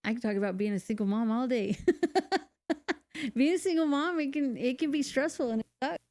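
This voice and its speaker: A woman's voice: high voice, brisk, darkish tone. A woman, a single mother, telling her own story in a candid, conversational way, with frequent laughs and fillers. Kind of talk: casual personal testimony.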